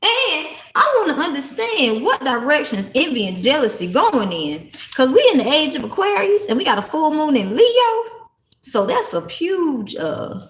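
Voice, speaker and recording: A woman's voice: high voice, sing-song, moderate pace. A woman in her thirties doing a casual spiritual tarot vlog, talking bluntly, defiantly and with plenty of swearing. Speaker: tarot card reader. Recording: echoey room.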